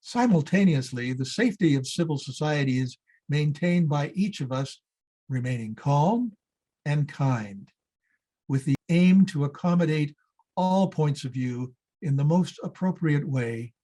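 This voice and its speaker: A man, a former citizenship judge, giving a measured, earnest prepared speech at an awards event. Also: on the high side, lively intonation, mellow. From Canada. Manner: measured, earnest civic address.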